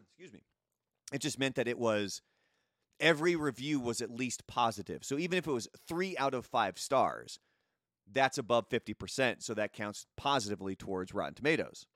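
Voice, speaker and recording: A man's voice: mid-range voice, expressive, moderate pace, a bit bright, no room sound, studio quality. A man hosting a casual news commentary show, chatty and opinionated. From United States. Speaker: host.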